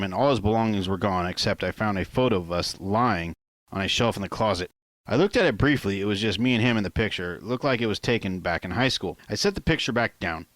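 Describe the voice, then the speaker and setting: A man with a low voice reads his own novel in first person. He keeps a plain, unhurried pace and now and then speaks straight to the listener. The recording is dry and close, with no room echo. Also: a bit bright. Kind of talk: first-person audiobook narration.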